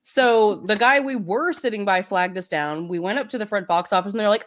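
A woman's voice: mid-range voice, a little fast, few pauses. Young woman, podcast co-host, rambling anecdotal storyteller. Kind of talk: casual chat.

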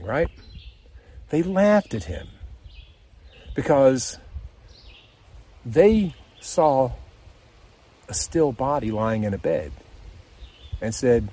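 A man's voice: medium pitch, a little mellow, slightly rough. An American man giving a casual devotional talk on his podcast, earnest and encouraging, reading scripture and explaining it in his own words. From United States. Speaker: podcast host, devotional speaker.

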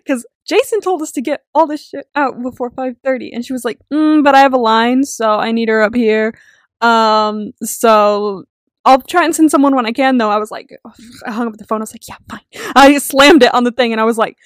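Young woman, high voice, dry close sound, casual podcast chat, animated storyteller. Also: dry recording. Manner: animated storytelling, swears freely, laughs often. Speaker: podcast co-host.

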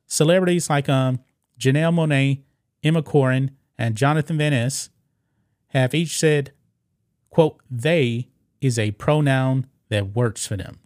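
A man's voice: mid-range voice, unhurried, darkish tone, no room sound, studio quality. A man hosting a casual commentary video, reading an article aloud and reacting with disbelief, rambling with fillers and restarts.

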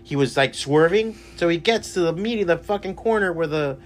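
A man's voice: fairly high pitch, lively intonation, a little fast. A man hosting a casual chat at his shop, laughing and acting out stories with sound effects. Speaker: host. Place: comic shop.

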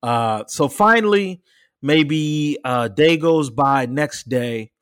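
A high-voiced young man tells a story on a podcast, swearing freely and acting out what people said. The sound is dry and close. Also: takes it slowly, clear, resonant tone, dry recording. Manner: animated storyteller, swears freely, acts out quotes and cat sounds. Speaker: podcast co-host telling a story. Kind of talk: casual chat.

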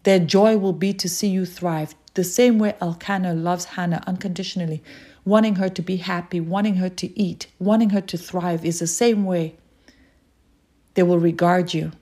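A woman preaching a sermon, urging listeners with slow, repeated calls. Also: lowish voice, fairly even intonation, mellow. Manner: slow, repetitive exhortation.

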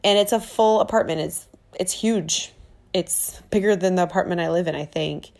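Casual female vlogger with a gravelly voice, chatty and eager, talking from a rented flat. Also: fairly low pitch, normal speed. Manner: chatty and excitable, lots of fillers. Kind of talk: casual travel chat. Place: rented apartment in a big city.

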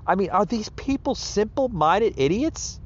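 A podcast host rants heatedly on his political commentary show, stumbling over words and leaning on many fillers. His high-pitched voice is expressive and measured in pace. The sound is dull lo-fi.

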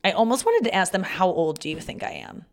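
A woman's voice: fairly low pitch, huge pitch swings, fairly quick. A young woman hosting a podcast, telling casual stories about her week and swearing freely. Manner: swears freely, acts out loud quoted shouts. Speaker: podcast host. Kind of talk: casual storytelling monologue.

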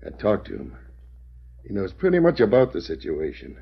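A folksy henchman in a 1940s radio western, with a drawl and lively pitch swings. The recording is dull and lo-fi. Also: normal speed, gravelly, husky, full character voice. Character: rancher's henchman, folksy and blustering.

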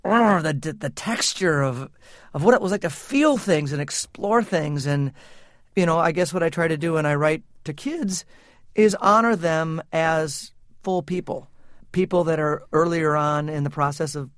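A man's voice: on the high side, normal speed, dry recording. Man, middle-aged, musician guest, earnest and reflective, laughs easily, dry close sound. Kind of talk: reflective interview talk.

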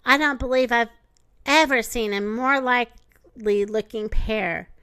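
A woman voicing a sleepy old male owl in a storybook reading, grumbling and slow. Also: on the high side, pushed and bright, smooth, dry recording, studio quality. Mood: approving. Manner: grumbling, drawling.

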